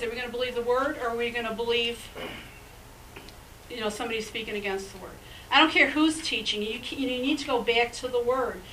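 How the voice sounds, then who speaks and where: A woman's voice: a little high, bright, forceful tone, far from the mic, slight background noise, poor audio. A woman pastor preaching a sermon in an emphatic, conversational way, with chatty asides.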